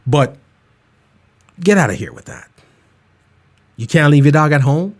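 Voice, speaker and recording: A man hosts his own podcast in a loose, emphatic rant. His voice sits a little high for a man, and he talks casually. He leans hard into each complaint. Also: measured pace. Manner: animated, emphatic, keeps it real. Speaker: podcast host. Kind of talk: comedic rant, casual talk.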